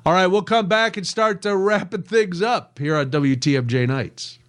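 High-voiced joking male radio host. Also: normal speed. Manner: chatty, joking, reads listener texts. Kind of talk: casual radio talk. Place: radio studio.

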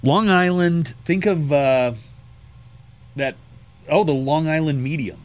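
A man's voice: a little high, takes it slowly. A man hosting a casual talk show in a studio, reading items out and riffing on them with jokes. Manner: reads out items and riffs on them jokingly. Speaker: show host. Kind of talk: casual chat.

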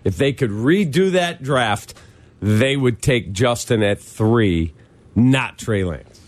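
Animated sports radio co-host, man. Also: medium pitch, slow pace, no room sound. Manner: animated, emphatic, rhetorical questions. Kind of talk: sports talk radio chat.

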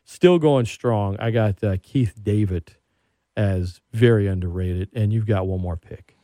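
A man hosting a casual talk show, an animated storyteller who gets worked up. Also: lowish voice, unhurried, no room sound, studio quality. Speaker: podcast host. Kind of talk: casual chat.

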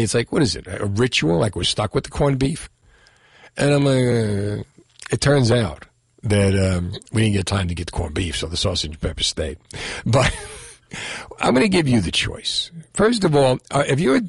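A middle-aged Italian-American man hosts a radio talk show, joking and rambling about food in an animated way. His medium-pitched voice is gravelly and slightly rough, recorded at studio quality on a studio microphone with no room sound.

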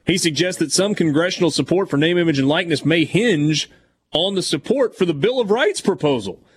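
Man hosting a sports talk show, slightly higher-pitched. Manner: reads article passages aloud, then comments casually. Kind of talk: reading news and discussing on air.

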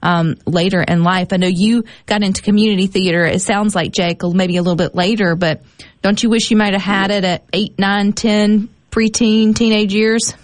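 A woman's voice: mid-range voice, steady tone, moderate pace, dry recording. Woman hosting a chat, upbeat and encouraging, rambles a little, dry close sound. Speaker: host. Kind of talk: interview.

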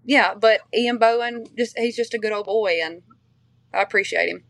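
A woman's voice: fairly high pitch, moderate pace, vocal fry, no room sound. A woman with a strong regional accent, chatting as an interview guest, rambling with fillers and restarts. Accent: strong regional accent she shares with her family. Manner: chatty, many fillers and restarts, laughs easily. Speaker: interview guest, country singer. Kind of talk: casual interview chat.

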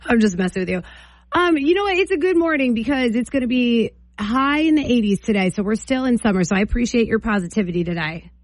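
A woman's voice: on the high side, lively intonation, fast, no room sound. A woman hosting a morning radio show, chatting casually and teasing callers in a studio. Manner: teasing, chatty, laughs often.

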